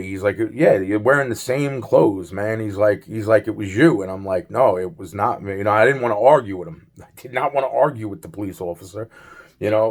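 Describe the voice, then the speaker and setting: A man's voice: lowish voice, darkish tone. A man giving a rambling solo video monologue, heavily profane and full of restarts and fillers, agitated and worn out. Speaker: vlogger.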